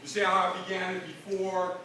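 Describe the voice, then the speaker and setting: A middle-aged man giving a motivational convention speech from a stage, energetic and punchy, acting out dialogue and asking the crowd "right?" often. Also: sits high, a little hiss or hum. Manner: energetic, fast-shifting, acts out dialogue, frequent "right?". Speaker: motivational speaker. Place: large convention hall. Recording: echoey hall recording from far off.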